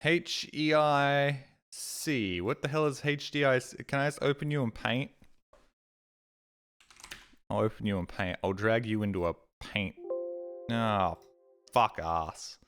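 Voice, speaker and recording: A man's voice: mid-range voice, slow, pauses often, a bit bright, clean tone. A man chatting casually on a live stream, rambling and swearing with a self-deprecating edge, talking from a desk mic at home.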